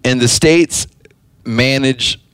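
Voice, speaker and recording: A man's voice: medium pitch, slow, a bit bright, smooth, no echo. Rambling male podcast host, dry sound. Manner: rambling, many restarts, dry joking. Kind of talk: casual podcast talk.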